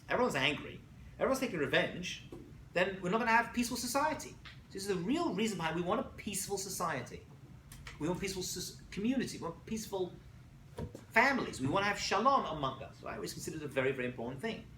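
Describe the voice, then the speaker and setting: A man teaching a lively class as a rabbi, telling stories with acted-out quotes and checking in with frequent asides. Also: fairly high pitch. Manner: animated storytelling with acted quotes, many "right?" asides. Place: college classroom. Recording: echoey room, faint noise.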